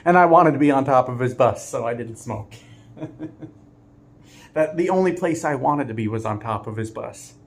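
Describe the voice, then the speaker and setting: A man's voice: medium pitch, lively intonation, normal speed, vocal fry, long pauses. A man who drives trucks for a living, telling a story casually, often laughing and swearing lightly.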